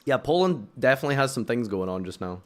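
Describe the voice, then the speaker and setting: A man's voice: mid-range voice, lively intonation, fast talker. A young British man streaming, chatting casually with a sarcastic, swearing manner. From United Kingdom. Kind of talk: casual chat with chat while playing.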